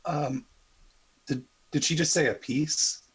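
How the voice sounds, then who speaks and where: A man's voice: a little high, fairly even intonation, takes it slowly, fairly bright tone, husky, poor audio. A man playing a tabletop game, hesitantly declaring what his character does. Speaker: player.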